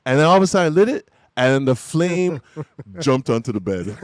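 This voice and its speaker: A middle-aged man telling a story in casual podcast chat, animated and acting out the people in it. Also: fairly high pitch, normal speed. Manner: animated storyteller, laughs and acts out voices. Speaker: podcast host.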